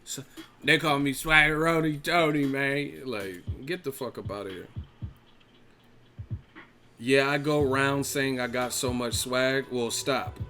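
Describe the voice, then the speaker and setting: A man's voice: mid-range voice, fairly even intonation, measured pace, bright, forceful tone. A man hosting a boxing live-stream chat, ranting and mocking viewers with lots of swearing. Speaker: boxing channel host.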